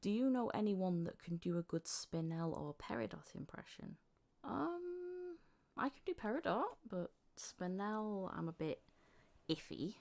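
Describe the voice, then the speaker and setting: A woman's voice: on the low side, creaky, darkish tone. A woman hosting a voice-acting livestream, casually reading viewer questions with plenty of fillers. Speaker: livestream host and voice actor.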